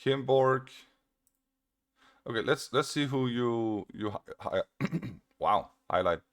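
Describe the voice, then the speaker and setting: An Australian man records a casual commentary video replying to a critic, speaking slowly in a mid-range voice. His tone is sarcastic and mocking, and he keeps repeating his points.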